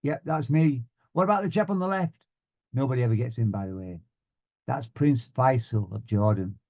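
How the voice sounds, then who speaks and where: Brief: Yorkshire man, motivational speaker, deadpan self-mocking humour, mellow voice. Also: mid-range voice, normal speed. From Yorkshire, England. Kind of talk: humorous motivational talk.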